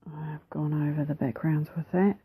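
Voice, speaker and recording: A woman with a New Zealand accent narrating her craft process over a time-lapse, soft-spoken and relaxed, often slipping into a whisper, a little self-deprecating. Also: deep voice, moderate pace, breathy edge, narrow, tinny audio. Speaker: mixed media artist.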